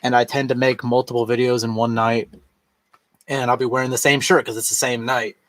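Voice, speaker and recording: A man's voice: level tone, brisk, a bit bright, dry recording. Man in his thirties, tipsy, rambling casual vlog talk, swears, dry close sound. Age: 30s. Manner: loose, rambling, swearing, mimics other people in higher voice. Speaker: vlogger.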